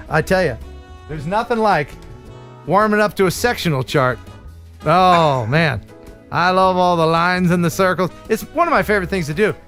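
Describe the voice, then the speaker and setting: An American man hosting a casual livestream with a slightly raised pitch. He chats loosely, jokes with his co-host, and reads sponsor spots like an eager pitchman. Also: a bit bright. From United States. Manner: chatty, joking, enthusiastic pitchman.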